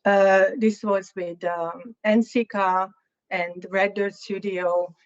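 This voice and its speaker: A Hungarian-accented woman speaks at a middle pitch, telling a lecture audience about her own work in a frank, hesitant way as she hunts for the right words. Her voice is a little hoarse. The recording sounds somewhat dull and muffled. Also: level tone. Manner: halting, searching for words, candid. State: slightly hoarse, clearing throat. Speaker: guest artist lecturer.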